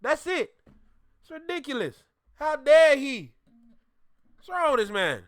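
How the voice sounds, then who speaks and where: A man hosting a reaction video, talking in a casual, animated, joking way, with mock outrage and slow drawn-out words for emphasis. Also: very high-pitched, no room sound, studio quality.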